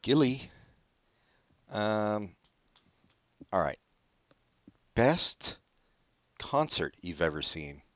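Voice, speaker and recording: A man's voice: on the low side, sing-song, very slow, long pauses, fairly bright tone, no room sound. A man co-hosting a casual podcast chat, laid-back and casually profane, asking questions. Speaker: podcast co-host. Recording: dull dry close-mic audio.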